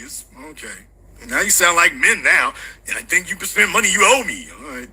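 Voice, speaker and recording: A man hosting a call-in livestream show, chatting casually with loud, teasing, comedic rants. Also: high voice, very animated, moderate pace, husky, poor audio. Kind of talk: casual live-stream chat.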